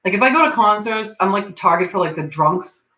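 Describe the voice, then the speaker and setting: A young woman with a sharp, mid-range voice talks animatedly and fairly quickly as a livestream host. Her casual chat rambles, is full of "like" and often breaks into laughter. The recording sounds dull and lo-fi in an echoey room.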